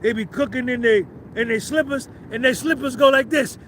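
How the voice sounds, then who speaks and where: Jersey-accented male streamer, very high pitch, loose profane banter with chat, faint street noise. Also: brisk, fairly bright tone. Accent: New Jersey. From New Jersey. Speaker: livestream host. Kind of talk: casual livestream chat with viewers.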